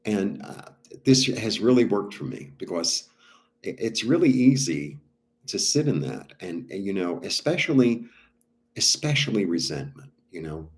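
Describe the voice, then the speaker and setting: Low-voiced man rambling about healing. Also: sing-song, measured pace. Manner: rambling, with many fillers and bursts of laughter. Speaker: spiritual healer. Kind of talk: casual spiritual teaching.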